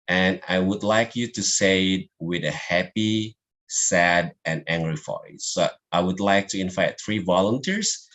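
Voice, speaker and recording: Guy teaching public speaking online, low voice, talks real slow, non-native english. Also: expressive, fairly bright tone. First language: Indonesian. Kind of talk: online class presentation.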